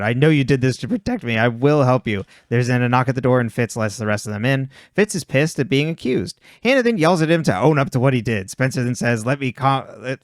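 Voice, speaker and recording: A man talks through a story recap in a relaxed, conversational way. His voice is smooth and clear, and his tone is wry. The room sounds dry and close. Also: medium pitch, no room sound. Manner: recaps plot in a plain, wry tone and laughs often. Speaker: podcast co-host recapping episodes. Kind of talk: casual chat, reading a plot recap.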